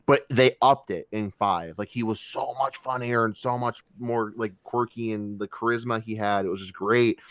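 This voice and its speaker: A young man chats on a podcast, quick to swear and get carried away as he tells a story. His voice sits at an ordinary pitch, and the recording is dry and close with no room sound. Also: no echo. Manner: animated, swearing, emotional storytelling. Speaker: podcast co-host. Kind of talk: casual podcast chat.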